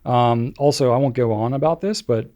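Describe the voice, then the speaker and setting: A man's voice: medium pitch, moderate pace, dark tone. Chatty middle-aged man rambling along. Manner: rambling, chatty, many fillers. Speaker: podcast co-host. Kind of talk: casual chat.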